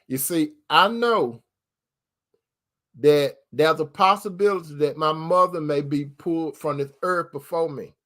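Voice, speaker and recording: A man's voice: on the high side, a little slow, fairly bright tone. A man giving Christian relationship advice in a preaching style, repeating his points with emphasis and calling his listeners brother and sister. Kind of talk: preaching-style talk to viewers.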